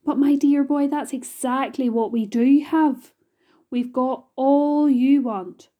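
A woman voicing an old green grasshopper in a storybook reading, brisk and confident. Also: high voice, steady tone, narrow, tinny audio, pitched above the performer's own voice. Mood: reassuring. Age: older.

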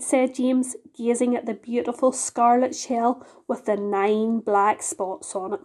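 Woman storyteller, gentle, unhurried, high pitch. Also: level tone. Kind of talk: reading a children's book aloud.

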